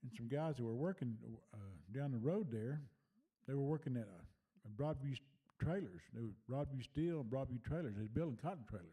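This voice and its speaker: An older man with a drawl tells a memory from his past in a relaxed, rambling way, circling back with fillers and restarts. His voice sits very dark and mellow, at a middling pitch. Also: fairly quick, slightly rough. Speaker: storyteller sharing memories. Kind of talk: casual personal storytelling.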